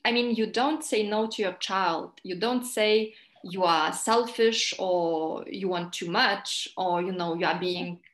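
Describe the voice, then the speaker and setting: A woman's voice: mid-range voice, a little slow, hardly any pauses, fairly bright tone. A woman hosting an interview, affirming and summing up her guest's points. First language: Lithuanian. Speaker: interview host. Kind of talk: interview conversation. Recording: echoey room.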